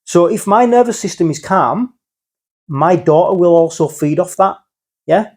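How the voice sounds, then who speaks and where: Appearing as a guest on a podcast, a middle-aged father from England chats casually, his voice high-pitched and expressive with a breathy edge. He talks a little slowly, dropping "okay?" and "yeah?" to check his listener is following.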